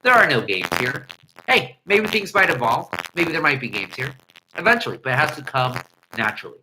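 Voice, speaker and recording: A man hosting a livestream, ranting in an animated, profane way into a headset mic. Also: fairly high pitch, brisk, background noise. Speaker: livestream host. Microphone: headset earpiece mic.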